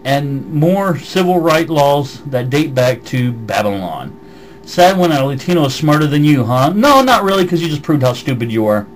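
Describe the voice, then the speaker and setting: A man's voice: on the high side, very animated, normal speed, a little hiss or hum, low-quality recording. A man with a slight Southern American accent, ranting on a vlog and reading out comments in a heated, swearing voice. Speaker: vlogger. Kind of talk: angry vlog rant answering comments.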